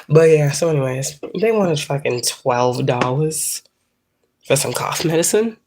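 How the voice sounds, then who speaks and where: A woman's voice: low-pitched, lively intonation, unhurried, vocal fry, darkish tone, a little hiss or hum. A woman in her thirties chatting casually on a livestream, rambling and profane, laughing often, congested from allergies. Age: 30s. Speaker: spiritual livestreamer. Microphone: phone.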